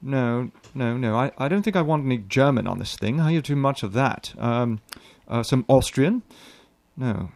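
An actor playing a fussy radio drama director who hesitates a lot, full of ums and restarts. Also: male voice, medium pitch, expressive, moderate pace, vocal fry, a little mellow.

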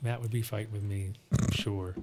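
A man's voice: lowish voice, fairly even intonation, moderate pace, very noisy. A man hosting a podcast in casual, rambling chat, joking and swearing freely. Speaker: podcast host.

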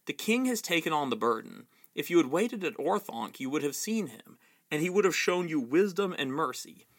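A man's voice: a little high, very animated. Man doing a grave old wizard, Gandalf. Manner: grave and measured. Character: stern, patient old male wizard.

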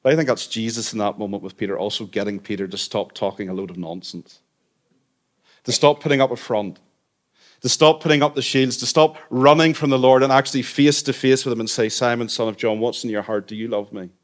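A man pastor preaching a sermon, earnest and conversational, with gentle humorous asides. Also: mid-range voice, fairly quick.

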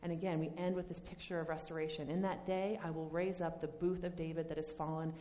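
A woman's voice: deep voice, fast talker. Woman teaching Bible study in reverberant hall. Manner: conversational, animated, acts out quoted lines.

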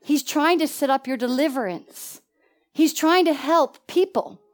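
A woman preaching a sermon in an animated way, with laughing asides and questions to the congregation. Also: high voice, measured pace.

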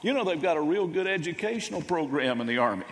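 A man's voice: on the high side, expressive, quick pace, big-room sound. A man voicing a proud, encouraging father cheering his son on. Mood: hearty. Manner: hearty, enthusiastic.

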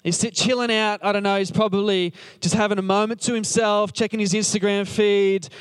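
A man's voice: high voice, flat delivery, fairly quick, clear, resonant tone. A man preaching casually, retelling a Bible story in a chatty, joking way and acting out the characters' lines. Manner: conversational, jokey, acts out the characters' lines. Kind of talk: casual sermon retelling scripture.

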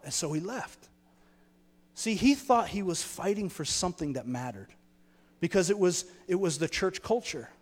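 A man's voice: high voice, expressive, moderate pace, in a large hall. A man preaching a sermon as pastor, earnest and storytelling, building his points through repeated phrases.

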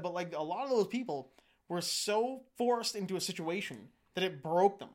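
A man co-hosting a casual podcast chat, talking bluntly, swearing and riffing with quick jokes. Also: high voice, lively intonation. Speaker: podcast co-host.

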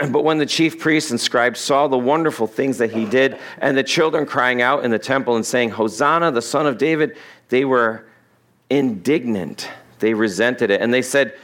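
A man's voice: mid-range voice, a little slow. Conversational male pastor preaching. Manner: conversational, animated, laughs at his own asides. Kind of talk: expository sermon. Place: church sanctuary.

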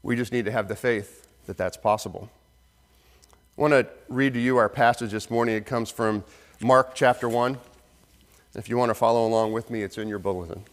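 A man preaching a sermon as pastor, earnest, slowing down for emphasis and acting out the voices in the story. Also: mid-range voice, fairly even intonation. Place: church sanctuary. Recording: long reverb of a hall.

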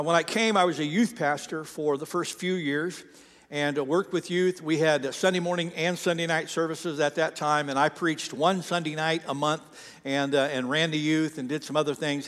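A man's voice: on the high side, fairly bright tone, long reverb tail. A middle-aged man in his fifties preaching a sermon, chatty and self-deprecating as he tells a story from his early ministry. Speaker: pastor. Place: church sanctuary.

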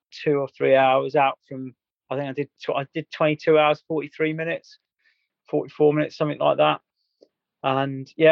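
A man's voice: medium pitch, gravelly, dry recording, lo-fi sound. A man earnestly recounting a story in a candid podcast chat, rambling and restarting as he goes. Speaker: guest.

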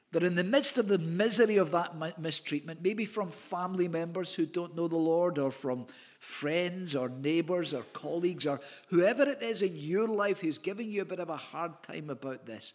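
Earnest pastor preaching with slow emphasis. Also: male voice, fairly high pitch. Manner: earnest, emphatic, with slow stressed phrases and occasional repeated words. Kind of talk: sermon. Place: church.

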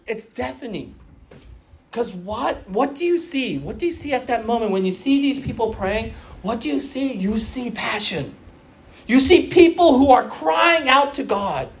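With a mid-range voice, a preacher of Korean background gives an earnest sermon to young churchgoers. He repeats phrases for emphasis and often restarts with fillers.

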